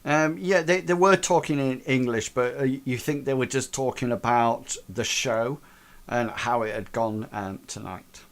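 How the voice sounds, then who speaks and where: A man's voice: mid-range voice, a little slow. A man narrating a tabletop game as game master, hesitant, with many fillers. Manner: hesitant, lots of fillers and restarts.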